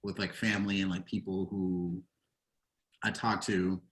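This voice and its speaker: A man's voice: low-pitched, little pitch movement, a little slow, poor audio. A young man as a podcast guest, reflective and hesitant as he tells his story. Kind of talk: casual podcast conversation.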